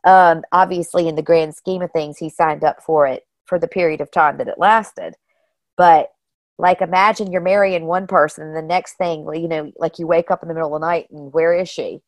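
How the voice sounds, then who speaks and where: A woman guest telling personal stories in a casual, animated way, often saying "you know" and "like". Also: sits low, normal speed, no room sound. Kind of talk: casual storytelling.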